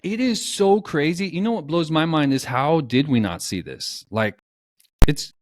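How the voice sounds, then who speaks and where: A man's voice: fairly high pitch, expressive, a little slow, no echo, studio quality. A man co-hosting a casual podcast, incredulous and loose, saying bro and dude and laughing often. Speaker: podcast co-host.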